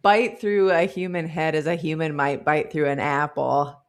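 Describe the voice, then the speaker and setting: A woman co-hosting a casual book discussion, excitable and talking with lots of "like". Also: low voice, moderate pace. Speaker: podcast co-host.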